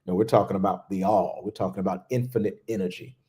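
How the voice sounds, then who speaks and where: A man preaching a sermon as a bishop, animated and laughing, repeating key phrases for emphasis. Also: deep voice, fast. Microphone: livestream.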